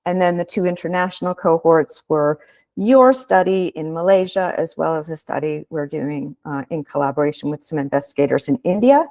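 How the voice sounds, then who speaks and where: A woman's voice: low-pitched, brisk, darkish tone, no echo. A woman researcher giving a webinar presentation, explaining in a plain way with hesitant restarts.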